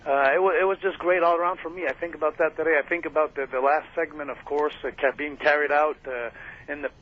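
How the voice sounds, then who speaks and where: Over a muffled, faintly hissing radio broadcast, a man with a fairly high voice talks fast in a steady tone. He's a guest in a laid-back storytelling interview, spinning wrestling tales in a rambling way full of fillers and laughs.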